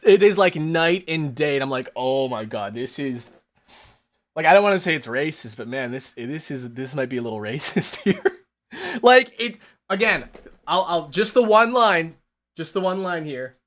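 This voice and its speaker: A man hosting a casual live stream, animated and exasperated, who swears often and keeps laughing mid-sentence. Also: fairly high pitch, normal speed. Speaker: streamer host.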